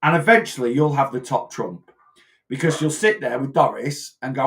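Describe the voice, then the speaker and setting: A chatty man with a slightly higher voice talks through weight-loss advice in a loose, casual vlog. He is blunt and down to earth, and keeps checking in with quick tag questions as he goes. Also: sing-song, fairly bright tone.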